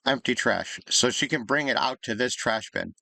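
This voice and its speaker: A man's voice: mid-range voice, moderate pace, vocal fry, bright, forceful tone, no echo. A man casually commenting on his life-sim gameplay, thinking aloud in an easygoing, chatty way. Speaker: gaming YouTuber.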